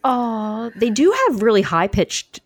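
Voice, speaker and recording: A woman's voice: on the high side, measured pace, a little hiss or hum. A woman co-hosting a podcast, reacting with enthusiasm and frequent gasps. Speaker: podcast co-host. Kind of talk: casual chat.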